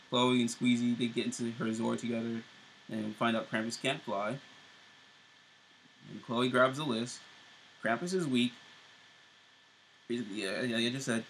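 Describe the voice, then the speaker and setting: A man casually walks through the plot of two TV episodes, full of "uh" and "basically." His voice is bright and forceful at an everyday pitch. A faint hiss sits under the recording. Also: fairly even intonation, normal speed, pauses often, low-quality recording. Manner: recaps plot loosely, many fillers and restarts. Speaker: show co-host.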